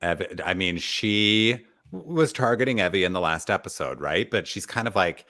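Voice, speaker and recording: A man with a fairly low voice that swings all over as he talks. He co-hosts a casual recap chat and acts out the people he quotes in playful voices. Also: expressive, moderate pace, sharp tone. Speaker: podcast co-host.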